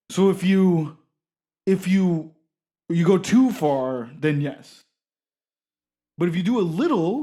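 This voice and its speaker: A man's voice: sits high, darkish tone. A man voicing a dim-witted male jock adventurer who hosts a talk show in character, rambling, goofy and hesitant during tabletop role-play.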